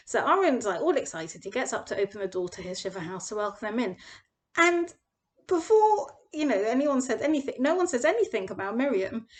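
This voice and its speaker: Lively, animated young woman teaching. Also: brisk. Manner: animated storytelling, acts out quoted voices with big pitch jumps. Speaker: Torah teacher. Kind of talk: expressive parsha lesson.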